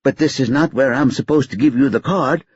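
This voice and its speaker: A man voicing an anxious American woman who talks fast and rambles nervously. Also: medium pitch, a little mellow, breathy edge, no room sound, voice pushed up, close to an everyday voice. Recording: dull lo-fi dry recording.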